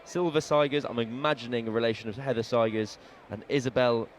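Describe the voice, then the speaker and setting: A man's voice: medium pitch, steady tone, brisk, a little hiss or hum. A man co-commentating on radio cricket, telling stories in a playful, jokey way and stumbling over names. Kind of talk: casual sports radio chat.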